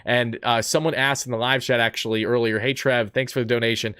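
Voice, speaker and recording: A man's voice: mid-range voice, fairly even intonation, a little fast, pushed and bright, smooth, dry recording, clean studio sound. Eager man hosting a sports talk show. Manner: eager, gushing fan talk, uh fillers. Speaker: podcast host. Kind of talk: fan-focused sports talk.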